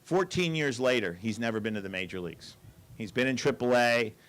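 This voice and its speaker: A man's voice: medium pitch, animated, brisk, fairly bright tone. An older man giving a storytelling talk to an audience, with dry asides and quoted lines.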